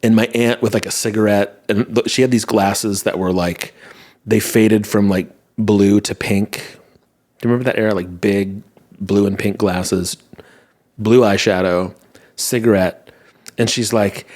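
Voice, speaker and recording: A man's voice: lowish voice, steady tone, unhurried, darkish tone. A man hosting a podcast, talking in a casual, rambling monologue and laughing at himself. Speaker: podcast host answering listener messages.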